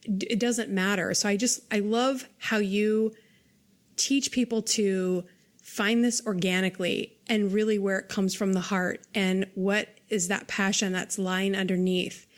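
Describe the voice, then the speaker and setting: A woman's voice: medium pitch, steady tone, a little slow. A woman hosting a podcast, talking earnestly and from the heart in casual interview chat, often restarting her sentences. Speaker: podcast host.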